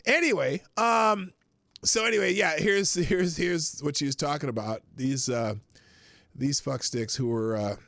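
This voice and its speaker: A man hosting a political livestream, crude and rambling, now and then breaking into shouted outbursts. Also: a little high, unhurried, gravelly, no room sound, clean studio sound. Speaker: livestream host. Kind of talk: profane political commentary.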